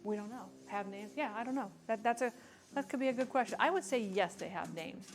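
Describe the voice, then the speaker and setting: Chatty woman, somewhat high voice. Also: fairly quick, soft background music. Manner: chatty, reads viewer questions aloud; playful, self-mocking. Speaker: cooking livestream host. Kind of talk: casual chat while cooking.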